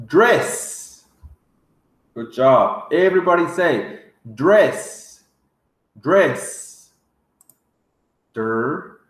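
A man teaching English words to young children, drilling each word slowly with excited gasps. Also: high voice, reverberant. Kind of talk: vocabulary lesson for kids.

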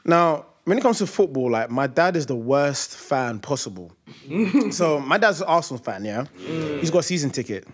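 A man's voice: a little high, very animated, normal speed, faint music behind. A young man with a London accent, telling a funny story to his friends on a podcast and laughing through it. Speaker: podcast co-host. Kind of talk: comedic storytelling.

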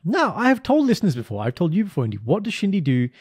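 A man from the UK co-hosting a casual podcast chat, telling stories in an animated, teasing way. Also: high voice, fast talker, breathy edge, no room sound. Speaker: podcast co-host.

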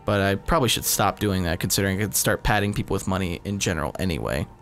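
A man's voice: low-pitched, fast, a bit bright. A man giving rambling, casual commentary as he plays a game, mocking himself and swearing often. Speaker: gaming video host. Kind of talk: casual let's-play commentary. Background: game sounds and music.

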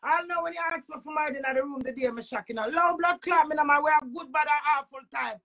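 A woman's voice: high voice, fast, vocal fry, sharp tone. A woman with a Jamaican accent, a vlogger delivering an agitated, repetitive emotional rant full of swearing.

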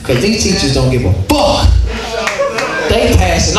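A male stand-up comedian telling profane stories about fatherhood to a live audience, with shouted punchlines. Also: fairly high pitch, very animated, unhurried, over music. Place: comedy club stage before a live audience. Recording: echoey room, mic heard from a distance, audience noise.

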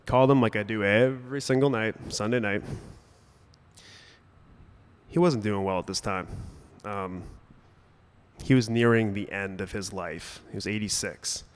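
A man's voice: fairly low pitch, unhurried, long pauses, big-room sound, slight background noise. A young adult man telling a personal story to a live audience, conversational with sudden emphatic bursts and comic timing. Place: stage at a brewery event.

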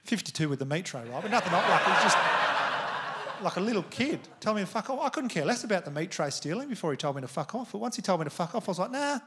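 A man's voice: sits high, lively intonation, racing. A man with an Australian accent doing a stand-up comedy set, telling crude, conversational stories to a live crowd. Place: comedy venue stage. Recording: live venue with audience noise. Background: audience laughter.

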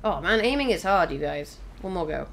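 Brisk and expressive, a young let's play host with a fairly low-pitched voice comments casually on her game, talking to viewers and reacting aloud to what happens. Game sound sits clearly behind her voice, with slight background noise.

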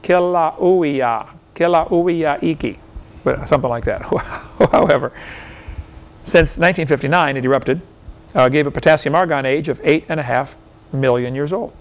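With a mid-range voice at a moderate pace, a man lectures a live seminar audience in a folksy, argumentative style. He fires off rhetorical questions and chuckles often.

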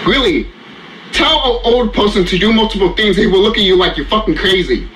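Male vlogger, high and sharp-toned, swearing nonstop, voice wearing out, roomy echo. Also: animated, normal speed, pauses often, a little hiss or hum. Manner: furious, profane, repetitive ranting. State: losing his voice, sweaty. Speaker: YouTuber. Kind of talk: angry ranting reaction vlog.

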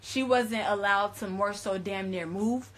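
A woman, casually retelling events in animated, profane, slangy storytelling. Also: medium pitch, measured pace. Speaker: interviewee recounting events.

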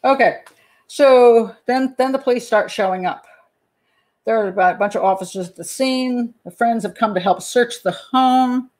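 A woman hosting a true-crime channel, analysing a case in a casual, animated way, pausing to check her notes and acting out people's reactions. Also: fairly high pitch. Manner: animated, talks to herself while checking notes, acts out panicked parents. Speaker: criminal profiler and channel host.

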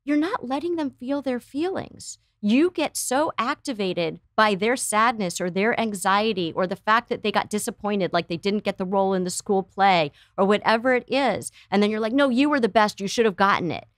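An earnest, middle-aged American psychotherapist, appearing as a guest in a conversational interview, explains things and acts out quoted voices. She speaks at medium pitch and a moderate pace with hardly any pauses, in studio-quality sound with no echo.

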